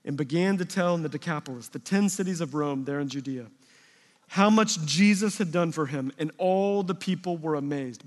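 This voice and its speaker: A man preaching a sermon, telling lively personal stories and acting out the people in them. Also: high-pitched, big-room sound. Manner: animated storytelling, voicing people in his anecdotes.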